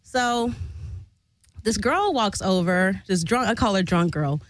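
A woman hosting a podcast, telling a bar-fight story in an animated, profane way and acting out the people she quotes. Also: takes it slowly, no echo, low-quality recording. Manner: animated, profane, acts out quotes with big pitch jumps. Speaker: podcast host. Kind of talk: casual storytelling.

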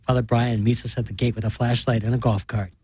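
Husky deadpan male narrator. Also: mid-range voice, quick pace, no room sound. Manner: deadpan, matter-of-fact. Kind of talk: deadpan story reading.

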